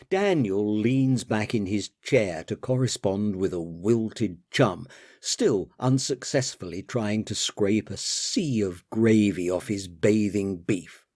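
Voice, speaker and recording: A man reading a novel aloud as audiobook narrator, slipping into lively voices for the characters. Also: fairly low pitch, slow pace, no room sound, clean studio sound. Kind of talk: scripted narration.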